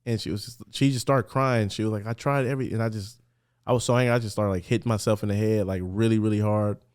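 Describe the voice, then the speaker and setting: A man's voice: fairly low pitch, steady tone, quick pace, darkish tone, clean tone. A man who is a podcast guest, candidly and earnestly telling his personal story in casual street talk in a studio.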